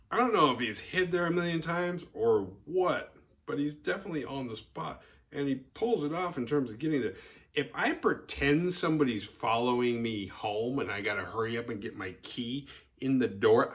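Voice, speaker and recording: A man gives a loose, rambling movie recap as host of a podcast. He chuckles often and slips into quick acted quotes. His pitch and pace stay in an everyday middle range. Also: a bit bright.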